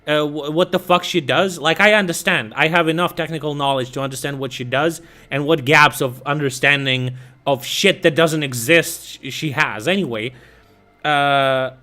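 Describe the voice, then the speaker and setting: Young man ranting, swearing, slightly high. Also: moderate pace, bright, forceful tone. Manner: profane, ranting, exasperated storytelling. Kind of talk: casual chat.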